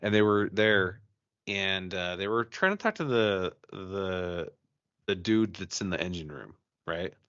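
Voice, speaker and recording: A man's voice: low-pitched, animated, measured pace, fairly bright tone, clean tone, no echo, highs cut off. A man co-hosting a podcast, chatting casually and telling a ghost story, profane and rambling with many restarts. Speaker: podcast co-host.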